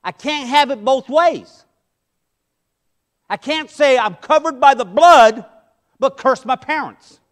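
A middle-aged man delivers a sermon from the pulpit with a strikingly high voice. He preaches with passion, pushing hard on key points and then pulling back into hushed asides. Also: slow pace, pauses often. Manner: impassioned, swinging between loud emphasis and hushed asides. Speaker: pastor.

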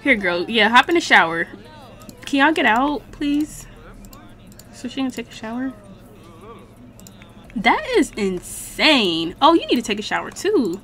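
Young female streamer, talkative and expressive, a bit higher-pitched, relaxed game commentary. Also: unhurried, long pauses. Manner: chatty and slangy, reacting loudly to the game. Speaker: gaming channel host. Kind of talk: casual let's-play commentary.

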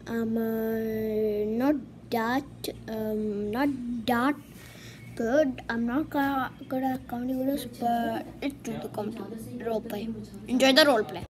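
A woman hosts a casual intro to her role-play video, stumbling through restarts. Her voice is high and her speech slow. Faint room noise sits behind her. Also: steady tone, a little mellow. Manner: hesitant, full of restarts and um. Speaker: channel host.

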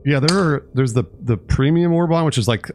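A man's voice: a little high, fairly quick, a little mellow, a little hiss or hum. An American man hosting a game stream in casual chat, teasing his friend and laughing often. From United States. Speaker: streamer, host. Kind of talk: casual chat while gaming.

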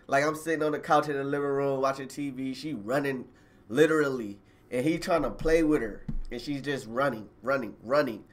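A man's voice: mid-range voice, fairly quick. A man telling a rambling story to his livestream viewers in slangy casual chat, talking to them directly on a phone at home. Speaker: live streamer telling a personal story.

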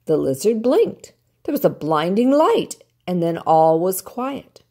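Animated older woman reading a storybook. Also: fairly low pitch, measured pace, slightly rough. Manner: expressive, animated read-aloud. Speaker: storyteller grandmother. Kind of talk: children's picture book reading.

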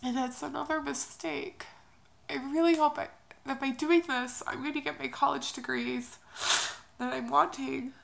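A young woman vlogging about a personal move, tearful and speaking in a halting, hesitant, soft way. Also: high-pitched, fairly even intonation, gravelly. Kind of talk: emotional personal vlog.

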